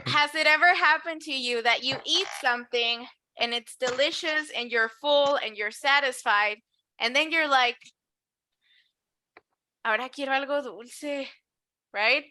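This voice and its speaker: A woman's voice: high voice, normal speed, pushed and bright. A woman teaching an English class, explaining patiently and switching to Spanish to clarify. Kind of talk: online English lesson.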